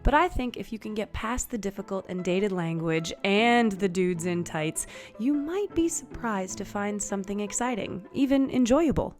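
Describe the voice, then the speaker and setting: A woman's voice: medium pitch, darkish tone. A woman teaching acting basics in an upbeat, encouraging, conversational scripted narration.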